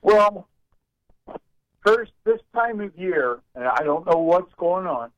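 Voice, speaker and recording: An older man calling in to a radio show, talking in a folksy, rambling, wry way and clearing his throat from allergies. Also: fairly high pitch, a bit bright, no echo, poor audio. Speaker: radio caller. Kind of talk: call-in radio chat.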